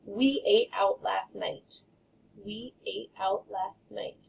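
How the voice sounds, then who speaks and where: Woman kindergarten teacher, slow and gravelly, drawn-out phonics modeling; dull off-mic recording. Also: mid-range voice, fairly even intonation, slight background noise. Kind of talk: recorded remote phonics lesson.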